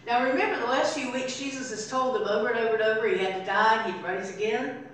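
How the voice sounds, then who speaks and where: An older woman preaching a sermon as pastor, telling the story and voicing its people softly. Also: on the high side, quick pace, a little hiss or hum. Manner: storytelling, acting out voices softly in quotes. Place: church sanctuary. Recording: very echoey room, voice from far off.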